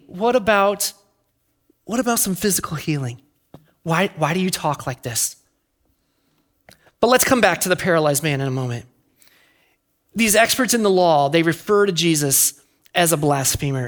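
A pastor delivering an earnest sermon, with emphatic swings in pitch and loudness.

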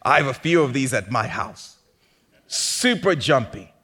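A male pastor preaching a sermon in an animated, playful way, now and then mimicking panicked voices for laughs. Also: mid-range voice, measured pace, breathy edge.

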